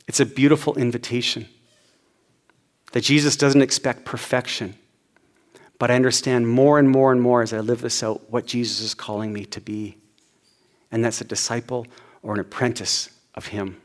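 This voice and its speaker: A man's voice: mid-range voice, little pitch movement, moderate pace, long pauses. A man in his forties preaching a sermon as a pastor, telling personal stories in a conversational way.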